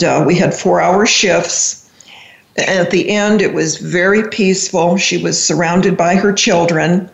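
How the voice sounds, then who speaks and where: An older woman, a radio show guest, telling a personal family story in a reflective, halting, emotional way. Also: fairly low pitch, gravelly, highs cut off. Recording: roomy echo.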